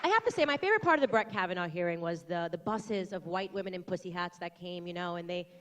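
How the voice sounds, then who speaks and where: A woman's voice: on the low side, lively intonation, fast, a bit bright. An American woman in her thirties giving a combative, rousing political speech to a crowd. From United States. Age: 30s. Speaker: political commentator speaking to a crowd.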